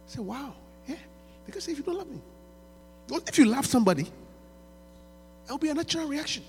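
A man, preaching a sermon by retelling a story, going from quiet asides to shouting. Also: extremely high pitch, sing-song, a little fast. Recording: reverberant hall with mains hum.

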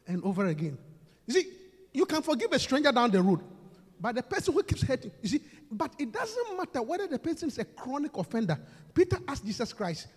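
High-voiced preacher in a reverberant church hall. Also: male voice, slightly rough. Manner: call-and-response preaching, swings from soft to shouting. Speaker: pastor. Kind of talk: sermon.

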